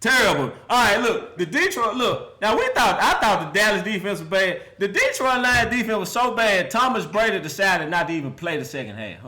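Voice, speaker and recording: A high-pitched man with a lively, swooping voice rants about football and keeps breaking into laughter. His tone is bright and sharp, and a faint hiss runs under the recording. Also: normal speed. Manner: laughs often, mocking and animated. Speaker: football commentary vlogger. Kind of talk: casual sports rant.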